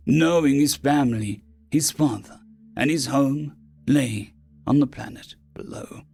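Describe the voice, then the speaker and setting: A man narrating science fiction stories as an audiobook reader, animated and putting on voices for the characters. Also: medium pitch, unhurried, gravelly. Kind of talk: scripted narration of sci-fi stories.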